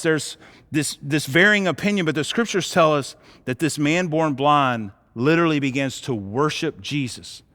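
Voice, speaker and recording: Male pastor, high voice, lively casual storytelling sermon, long church-hall reverb. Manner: animated storytelling with casual slang. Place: church auditorium.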